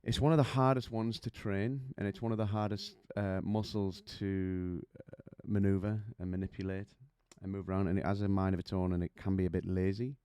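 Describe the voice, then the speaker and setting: A man's voice: low voice, level tone, brisk, few pauses, warm tone, clean tone, no room sound, clean studio sound. A man teaching singing technique, chatty and explaining with demonstrations and little stories. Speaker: vocal coach. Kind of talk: singing lesson to camera.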